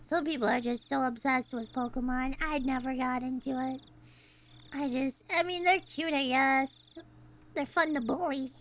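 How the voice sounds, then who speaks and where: A woman streamer reading a visual novel aloud and chatting with viewers. She swears freely, laughs a lot, and rants excitedly. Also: sits high, moderate pace, a little hiss or hum. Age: adult.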